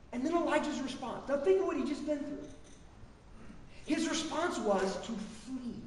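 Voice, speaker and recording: A male preacher telling a story in a sermon, animated and repeating words as he acts out the quotes, recorded from a distance in an echoey hall. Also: very high-pitched. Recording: echoey hall, distant mic, faint noise.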